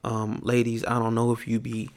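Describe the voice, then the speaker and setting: Gravelly man ranting on his podcast. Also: medium pitch, completely flat delivery, normal speed. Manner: profane, emphatic ranting. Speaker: podcast host. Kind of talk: casual storytelling monologue.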